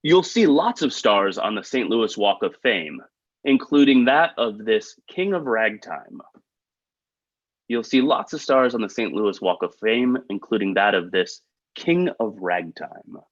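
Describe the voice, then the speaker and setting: A man's voice: on the low side, animated, no room sound. Upbeat man hosting an online trivia quiz. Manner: upbeat, quick asides, chuckles at own jokes. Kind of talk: reading trivia questions, joking asides. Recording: dull, lo-fi video call audio.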